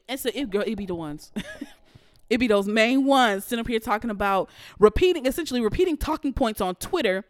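A young woman hosting a podcast, ranting about work in a blunt and heavily profane way. Her voice sits in a middle register and stays animated as she tells her stories. The recording is dry and close, with no room sound. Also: medium pitch, dry recording. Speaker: podcast host. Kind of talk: casual storytelling rant.

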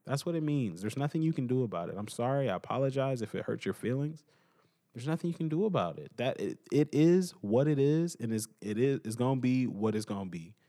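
In a medium-pitched voice, the young podcast host rattles off a lively, informal monologue of his opinions, hammering points home by saying them again.

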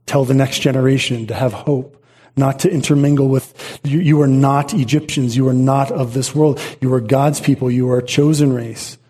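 Middle-aged pastor guy preaching, earnest and repetitive, warm low-key tone, kinda husky. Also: steady tone, moderate pace. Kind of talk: sermon.

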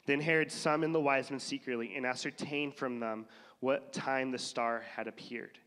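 A man's voice: medium pitch, steady tone, normal speed, fairly bright tone, in a large hall. A man with a cough preaching a casual, conversational sermon, acting out the voices of the people in his stories. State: has a cough.

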